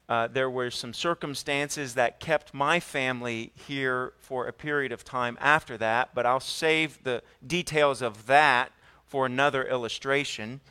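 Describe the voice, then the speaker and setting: A man preaching a sermon, telling a family story in an animated way and putting questions to the congregation. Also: medium pitch, smooth. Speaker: pastor.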